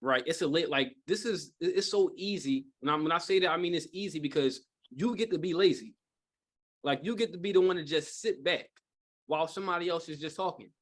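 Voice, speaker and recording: A man's voice: on the high side, fairly quick. A man giving a live sales training talk to a group, speaking in a casual, rambling way with lots of fillers and rhetorical "right?" checks. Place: training room with a live audience.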